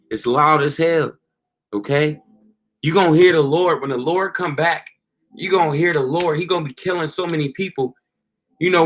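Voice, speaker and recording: Slangy man preaching, a bit high. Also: fairly bright tone. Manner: casual slang, repeats "you know" and "okay". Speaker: street preacher. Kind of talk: informal preaching monologue.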